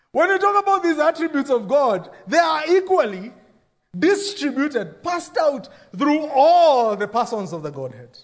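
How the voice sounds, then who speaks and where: A pastor preaching a sermon, dropping into quoted voices for emphasis. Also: male voice, extremely high pitch.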